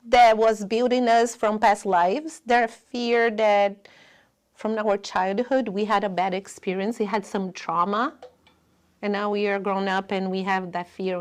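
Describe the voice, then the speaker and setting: A woman giving a spiritual lecture in earnest, non-native English, often dropping to a hush. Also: medium pitch.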